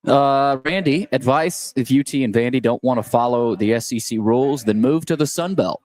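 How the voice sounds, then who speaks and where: A man's voice: medium pitch, normal speed, darkish tone. A male radio producer briefly reading out listener texts on air.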